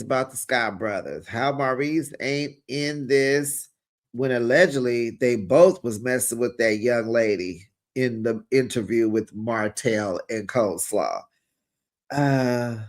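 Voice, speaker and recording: A man giving a sassy, animated recap of a reality show, talking straight to his viewers. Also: mid-range voice. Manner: acts out the cast's lines in quick bits. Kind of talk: casual recap commentary.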